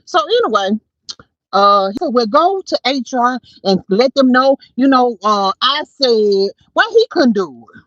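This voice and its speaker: A woman hosting a casual livestream from her car, chatting and telling stories to viewers in an animated way. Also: fairly high pitch, a little slow, dry recording, dull audio. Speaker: livestream host. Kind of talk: casual livestream chat while driving. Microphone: phone.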